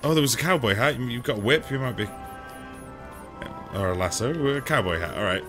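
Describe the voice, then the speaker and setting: A man's voice: mid-range voice, fairly quick, over music. A man hosting a let's play, giving chatty, self-mocking gameplay commentary and laughing often.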